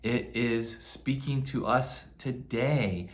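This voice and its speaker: A man, a pastor, explaining scripture in a thoughtful, relaxed church video chat. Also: mid-range voice, slow.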